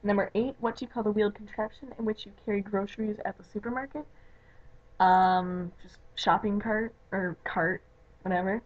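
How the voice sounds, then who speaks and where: Young woman, Chicago accent, casual rambling chat, mid-pitched voice, muffled lo-fi webcam audio. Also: fairly even intonation, moderate pace. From Chicago area, USA. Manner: rambling, many fillers like "you know" and "like". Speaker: vlogger.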